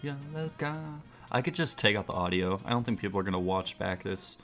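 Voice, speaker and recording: A man's voice: sits low, expressive, a little fast, fairly bright tone, faint music behind. A young man streaming live, goofily chanting a name over and over between casual asides to his chat.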